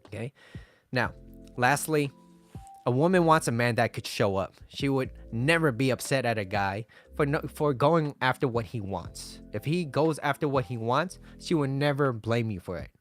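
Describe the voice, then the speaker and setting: A man gives dating advice in a loose, conversational way, tossing in "right?" as he goes. His voice sits at an ordinary middle pitch. Faint music plays underneath. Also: lively intonation, moderate pace. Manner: chatty, conversational, often asks "right?". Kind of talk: casual advice talk to viewers.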